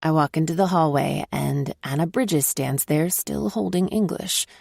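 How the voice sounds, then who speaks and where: A woman narrating a first-person romance audiobook, expressive when she voices the teacher's lines. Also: deep voice, moderate pace, gravelly, no echo, clean studio sound.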